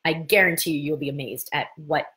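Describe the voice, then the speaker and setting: A middle-aged woman hosting a casual live-stream talk, telling stories with lively gestures of voice and bursts of laughter. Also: sits low, brisk. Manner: animated storytelling, breaks into laughter. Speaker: host.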